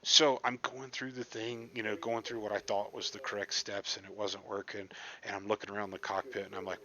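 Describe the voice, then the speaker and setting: Casual male storyteller, self-deprecating and profane, tense bright tone, muffled recording. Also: medium pitch, normal speed. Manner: self-deprecating, rambling, swears freely. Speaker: flight sim gamer recounting a session. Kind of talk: casual storytelling over gameplay.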